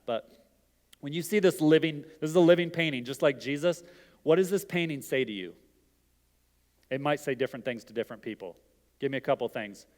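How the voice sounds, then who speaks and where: A middle-aged man giving an interactive sermon, talking casually and asking the audience questions. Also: medium pitch. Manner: conversational, asks the audience questions. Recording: long hall reverb.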